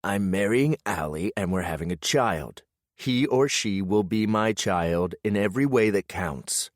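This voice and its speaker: A man's voice: fairly low pitch, expressive, unhurried, no echo, clean studio sound. A man playing a firm, determined brother. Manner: firm, earnest. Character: determined grown man, protective older brother figure.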